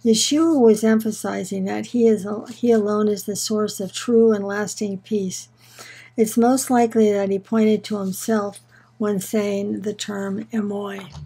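Warm, husky-voiced woman teaching scripture. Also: mid-range voice, steady tone, poor audio. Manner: measured, slows on key words for emphasis. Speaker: Bible teacher.

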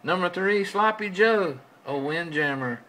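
Bright-voiced man chatting on CB radio. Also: high voice, expressive, a little hiss or hum, low-quality recording. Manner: folksy, repeats stock phrases, drawn-out calls. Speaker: CB radio operator.

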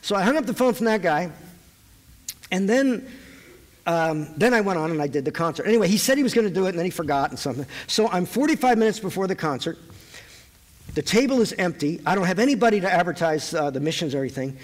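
High-voiced guy preaching, lively storytelling, echoey church hall. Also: fast talker. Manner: animated storytelling, acts out voices. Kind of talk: sermon.

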